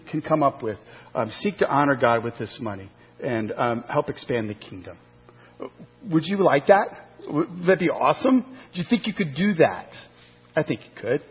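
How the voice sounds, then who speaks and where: A male pastor preaching a sermon, animated, with rhetorical questions and acted-out asides. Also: medium pitch, breathy edge. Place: church sanctuary. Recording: muffled church hall recording with long reverb.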